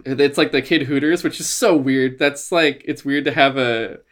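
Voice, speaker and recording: Male podcast co-host, casual and animated, quick to laugh and mimic. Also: mid-range voice. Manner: animated, laughing, acts out quotes. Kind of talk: casual gaming chat.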